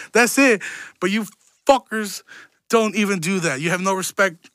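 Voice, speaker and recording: A man's voice: high-pitched, normal speed, sharp tone, no echo. A young man hosting his own podcast, ranting in a rambling, profane way with lots of stumbling repeats. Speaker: podcast host. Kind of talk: casual solo podcast rant.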